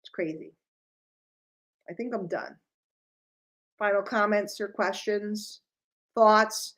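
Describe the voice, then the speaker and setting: A middle-aged woman from New York City giving an animated business talk to her sales group, full of rhetorical questions. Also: medium pitch, takes it slowly.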